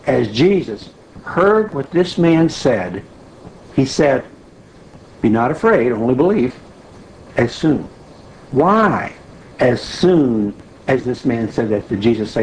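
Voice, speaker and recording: A man's voice: mid-range voice, sing-song, slow pace, pauses often, darkish tone, slight background noise, rough recording. A man leading a Bible study group, teaching in a conversational, emphatic way and putting questions to the group.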